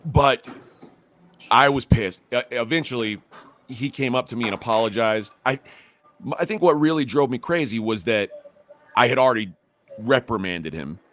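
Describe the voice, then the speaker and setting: A man's voice: mid-range voice, animated, normal speed, long pauses, fairly bright tone. A middle-aged man hosting a podcast, telling a rambling story with many restarts and growing heated. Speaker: podcast host. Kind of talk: casual storytelling.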